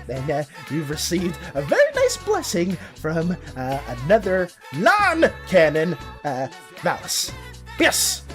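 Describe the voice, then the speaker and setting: High-pitched woman streamer, lively swooping voice, excitable, swears a lot. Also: unhurried, faint music behind. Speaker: art streamer. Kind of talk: casual live-stream chat.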